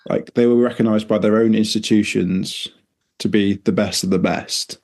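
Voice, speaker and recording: A man's voice: on the low side, fairly even intonation, moderate pace, darkish tone. A man hosting a podcast interview, encouraging and firing off several questions in a row. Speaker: podcast host. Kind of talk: casual interview chat.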